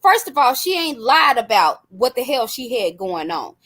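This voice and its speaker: Brief: woman co-host, high voice, slow emphatic agreement. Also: big pitch swings, a crowd in the background. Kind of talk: casual chat.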